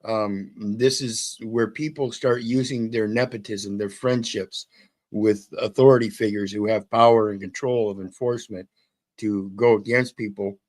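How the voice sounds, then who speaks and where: A man's voice: fairly low pitch, darkish tone. A man hosting a podcast, talking to his audience in a loose, slangy way. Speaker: podcast host. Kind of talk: casual commentary.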